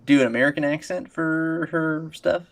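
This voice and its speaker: A man's voice: on the high side, steady tone, moderate pace, creaky. A man co-hosting a casual podcast chat with his brothers, laughing often and acting out quoted lines. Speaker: podcast co-host.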